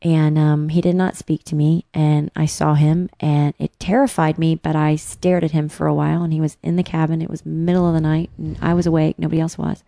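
A woman with a faint Southern accent reminisces as an interview guest, unhurried and full of little fillers. Her voice sits low, and the sound is close and dry. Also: flat delivery, creaky, mellow, no echo. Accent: faint Southern American. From American South. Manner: reflective, storytelling, many fillers. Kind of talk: casual interview chat.

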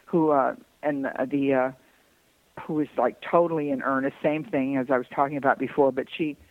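A man's voice: medium pitch, fairly even intonation, normal speed, dry recording. Older man telling stories over a tinny line. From Detroit. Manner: rambling anecdotal storyteller, bursts of laughter. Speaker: guest. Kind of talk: podcast conversation, storytelling.

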